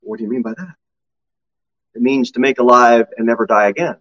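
A man preaching a sermon as pastor, swinging from low, quiet asides to high, ringing exclamations. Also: fairly even intonation, a little fast, muffled recording.

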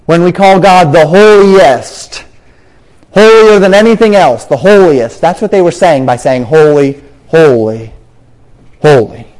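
A man's voice: high-pitched, expressive, unhurried, darkish tone, rough recording. A man preaching a sermon, explaining scripture and drawing out words for emphasis.

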